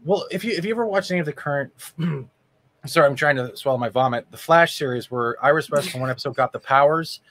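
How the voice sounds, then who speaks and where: A man's voice: a little high, quick pace, a bit bright. A man chatting casually about shows, rambling with fan enthusiasm. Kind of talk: casual chat.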